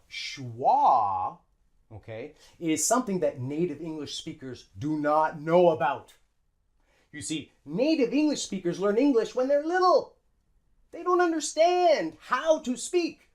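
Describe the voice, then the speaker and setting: Slow careful english teacher, lots of pitch jumps, says drills again and again. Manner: animated, repeats drills slowly and stretches sounds. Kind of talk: pronunciation lesson.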